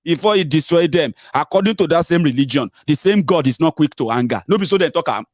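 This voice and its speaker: A man's voice: on the high side, expressive, fast talker, no echo, clean studio sound. A Nigerian man with a Nigerian accent, mixing in Pidgin and Yoruba, giving an emphatic, mocking political monologue full of rhetorical questions. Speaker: political commentator.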